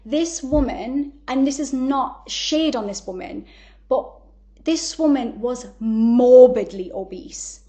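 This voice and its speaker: A woman, a podcast guest telling stories in a candid, animated way, blunt and swearing freely. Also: high-pitched, slow pace. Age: 30s. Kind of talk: candid conversational storytelling.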